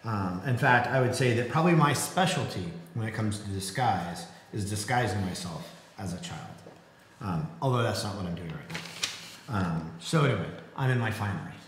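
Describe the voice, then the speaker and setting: A man's voice: fairly low pitch, animated, moderate pace. A man playing a tabletop game, rambling through his character's details with lots of ums and joking asides. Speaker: player. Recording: echoey room with faint noise.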